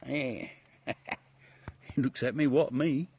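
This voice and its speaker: A middle-aged man with an Australian accent talks slowly to his livestream viewers outdoors at night, his medium-pitched voice dark-toned with a breathy edge. The rambling chat is laid-back, peppered with chuckles and free swearing.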